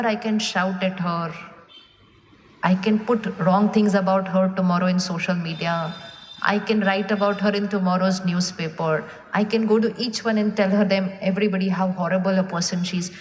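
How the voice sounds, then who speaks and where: A woman giving a spiritual talk to a live audience, asking them questions and waiting for their answers. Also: medium pitch. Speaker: spiritual speaker. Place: large hall with an audience. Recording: echoey hall, faint room noise.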